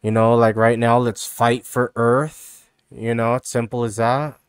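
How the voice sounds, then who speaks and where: A man's voice: mid-range voice, level tone, a little slow, clean tone, no room sound, studio quality. A man live-streaming casual reaction commentary, rambling and mocking, with lots of "you know" and "dude".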